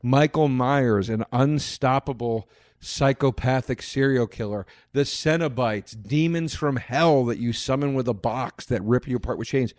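Male podcast co-host, casual movie talk, mid-pitched voice, dry studio sound, prone to false starts. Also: a little slow, darkish tone, no room sound. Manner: rambling, stammering restarts, dry storytelling. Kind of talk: casual movie review chat.

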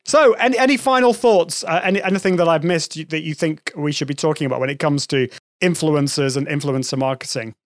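Guy hosting a live show, kinda high voice, rambly and chatty, dry close sound. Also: a little fast, no echo. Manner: chatty, rambling with restarts and small laughs. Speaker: host. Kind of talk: live show interview chat.

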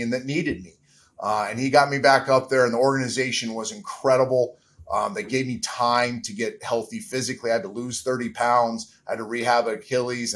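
Middle-aged male guest, candid and emotional, holding back tears. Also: medium pitch. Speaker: podcast guest. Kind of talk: interview.

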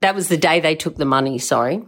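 A woman's voice: sits low, quick pace, a bit bright. An older woman hosting a podcast, telling a story in an emotional, rambling way and swearing freely. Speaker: podcast host. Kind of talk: casual storytelling monologue.

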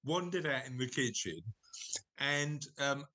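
A man hosting a casual podcast, his voice bright and forward. He rambles, restarts his sentences and keeps slipping in jokes. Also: medium pitch, lively intonation, unhurried. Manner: rambling, self-correcting, jokey. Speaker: podcast host. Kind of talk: casual chat.

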